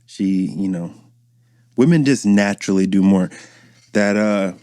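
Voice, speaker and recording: A man's voice: on the low side, a little slow, mellow, no room sound, clean studio sound. A man in his thirties hosting a podcast, telling loose, profane stories and acting out quotes in a casual monologue. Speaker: podcast host.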